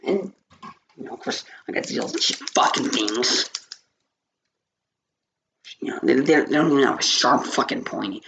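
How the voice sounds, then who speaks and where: A man's voice: medium pitch, animated, normal speed, long pauses, bright, forceful tone. A man with a scratchy voice giving a rambling, easily distracted movie review, swearing often. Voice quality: scratchy, gravelly voice.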